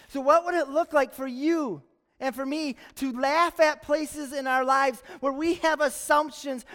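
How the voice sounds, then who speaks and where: High-voiced male pastor in a reverberant church. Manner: lively storytelling with humor, acting out quotes. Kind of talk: sermon. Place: church sanctuary.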